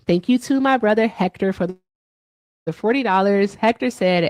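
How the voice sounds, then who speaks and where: A woman's voice: mid-range voice, lively intonation, slow pace, long pauses, a little mellow, no room sound, studio quality. A woman hosting a casual livestream, chatting with guests and viewers, laughing often and trailing off. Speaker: livestream host.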